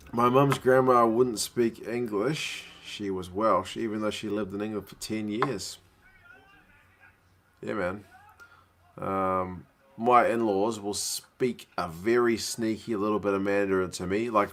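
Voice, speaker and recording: A man with a fairly low, fairly bright voice hosts a relaxed live watch-along from his living room. He chats along and answers questions from his viewers.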